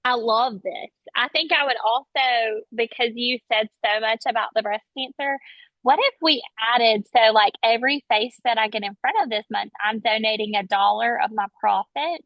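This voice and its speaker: A woman's voice: a little high, normal speed, no echo. A woman leading her sales team on a video call, chatty and enthusiastic as she coaches. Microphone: video call, webcam. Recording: dull lo-fi call audio, dry.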